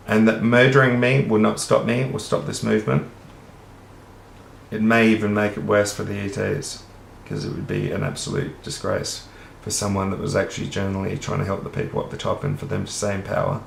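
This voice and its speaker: An Australian man talks on at length in a low, flat, gravelly voice, earnest and rambling, with casual swearing. The room around him sounds echoey. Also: brisk, a little hiss or hum. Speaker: vlogger. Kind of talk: rambling monologue to camera. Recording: roomy echo.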